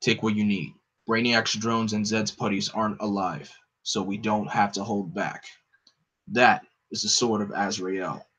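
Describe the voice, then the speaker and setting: A man doing a low, grim caped vigilante. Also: steady tone, a little slow, fairly bright tone, breathy edge. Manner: low, clipped, solemn commands. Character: grim gravelly male caped vigilante leader.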